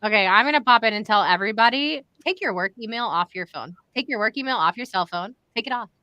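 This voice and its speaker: A woman's voice: a little high, animated, fast, pushed and bright, no room sound, highs cut off. A woman hosting a live stream in casual, chatty talk, addressing viewers directly. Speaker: live show host. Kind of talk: casual livestream chat.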